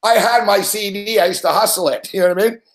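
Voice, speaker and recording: A middle-aged man spins a rambling story in casual chat, swearing every few words. His voice sits a little high for a man. The room around him rings with a noticeable echo. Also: quick pace, fairly bright tone. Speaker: sports betting show regular. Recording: roomy echo.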